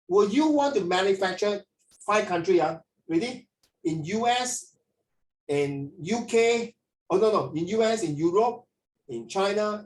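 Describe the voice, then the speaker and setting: Man, fifties, teacher, lively classroom talk, heard from a distance in an echoey room. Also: a little high. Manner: animated, mixes in Mandarin, frequent "ah" tags. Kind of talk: classroom lesson.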